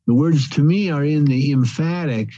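A man's voice: on the high side, normal speed, warm tone. A man teaching an evening Bible study, explaining a verse word by word, often repeating phrases and leaning on key words for emphasis. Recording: dull lo-fi recording.

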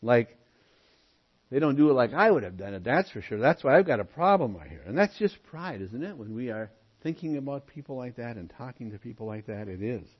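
Husky-voiced man preaching an expository sermon. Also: medium pitch, sing-song, brisk, dull audio. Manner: emphatic, often drops to quiet asides. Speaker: pastor. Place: church.

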